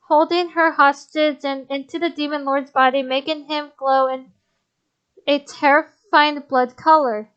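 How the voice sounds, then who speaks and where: A woman's voice: high voice, a bit bright, lo-fi sound. A woman reading a visual novel's text aloud, stumbling over words and breaking off to comment.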